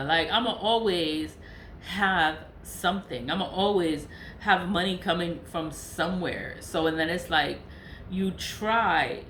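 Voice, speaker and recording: A woman talking straight to camera, venting hard and circling back over the same words with plenty of swearing. Her voice sits on the low side. The room echoes around her, and a faint ambience hums underneath. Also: a bit bright, slight background noise. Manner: venting, profane, repeats herself. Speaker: vlogger. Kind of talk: angry monologue to camera.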